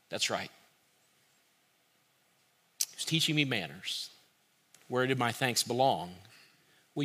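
A man's voice: medium pitch, pushed and bright. A man preaching a sermon as pastor, in an earnest, conversational way that repeats key phrases for emphasis.

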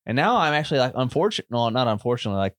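A man's voice: mid-range voice, very animated, racing, fairly bright tone, dry recording, clean studio sound. A man with a country Southern US accent co-hosting a film podcast in easy, rambling casual chat. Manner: laid-back, rambling, says bro and man. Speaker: podcast co-host.

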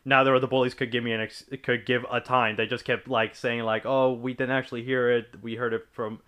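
Young male co-host, bright and clear-toned, loose anecdotal delivery with plenty of swearing. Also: medium pitch, level tone, brisk. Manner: rambling, profane anecdote-telling. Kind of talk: casual chat.

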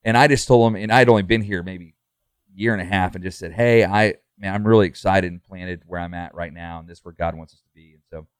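A man's voice: sits low, fairly even intonation, fast, clear, resonant tone, no room sound, studio quality. A middle-aged man, a pastor, talking earnestly in a casual podcast conversation, full of fillers and restarts.

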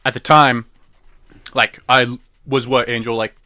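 A young man in casual chat, telling a story in a relaxed way with many likes and dudes. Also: medium pitch, a little slow, no echo, clean studio sound.

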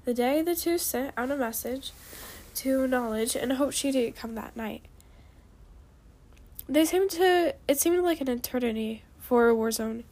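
Woman reading a story, halting delivery. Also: sits high, darkish tone. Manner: halting, with small restarts. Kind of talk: reading a fan story aloud.

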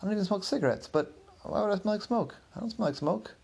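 A man voicing a panicky young suspect who stammers through high, frantic denials. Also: animated, quick pace, gravelly, a little mellow, husky, full character voice. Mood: indignant.

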